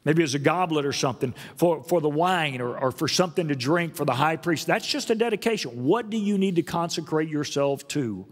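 A pastor delivering a sermon in a church, earnest, with slow, low passages and lifts to high, stressed words. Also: male voice, expressive, in a large hall. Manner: earnest preaching, rises high and loud for emphasis, drops low and slow. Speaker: senior pastor. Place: church auditorium.

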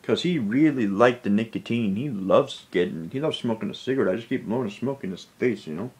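A man talking in a personal vlog, emotional and close to tears, rambling in a low, subdued voice. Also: a little fast, darkish tone, husky. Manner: tearful, rambling, speaks low and subdued with sudden angry outbursts. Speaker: vlogger.

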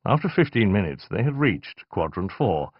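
Brief: male audiobook reader, low and animated, dry, muffled studio sound. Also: moderate pace, slightly rough, no room sound. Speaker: audiobook narrator. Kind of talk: scripted narration.

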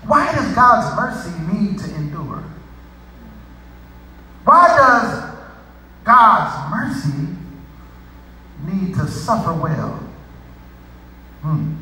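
A man preaching a sermon in a very high, piercingly bright voice. He repeats his lines in rising waves and often breaks into shouts. The sound comes from far off in a big, echoing hall with a long reverb. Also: big pitch swings, extremely slow, long pauses. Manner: builds to shouted repetitive crescendos. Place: church sanctuary.

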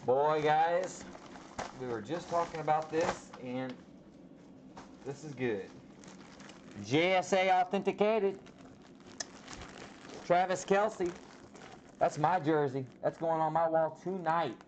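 Slow-talking man opening sports cards. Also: a little high. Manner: slow, drawn-out reactions while opening packs. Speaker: card breaker host. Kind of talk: casual card-break commentary. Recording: slightly dull audio with faint background noise.

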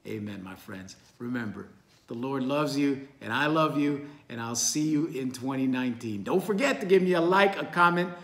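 A man's voice: fairly high pitch, moderate pace, few pauses, fairly bright tone, echoey room. A man teaching a Bible study in an earnest, encouraging way, often calling his listeners friends.

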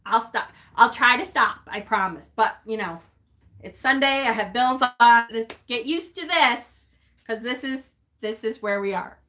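A woman from North Carolina hosts a casual, witchy live stream, reading comments, chatting with viewers, teasing them and laughing often. Her voice is a little high and a little slow, with a sharp tone.

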